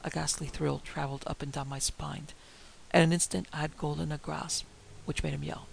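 A man reading an adventure story aloud as narrator, in a dramatic, measured way. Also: fairly high pitch, flat delivery, gravelly, low-quality recording. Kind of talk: audiobook narration.

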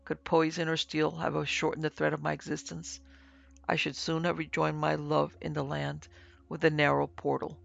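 Gravelly man narrating a dark tale. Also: a little high, completely flat delivery, normal speed. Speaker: narrator and producer. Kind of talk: dramatic audiobook narration of a classic story. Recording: dry, dull lo-fi recording.

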